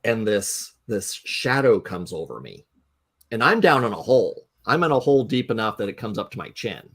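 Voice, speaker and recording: A man with a fairly low voice tells a long, rambling story and fills the gaps with uh and you know. He is a guest on a relaxed live talk show. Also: moderate pace, slightly rough. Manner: rambling anecdotal storyteller, many fillers. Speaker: guest, game designer.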